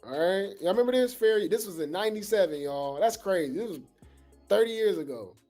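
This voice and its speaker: A man hosting a live show, chatting casually to viewers, rambling with halting restarts and calling them y'all. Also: sits high, lively intonation, dark tone, faint music behind. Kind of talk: casual commentary to a live audience.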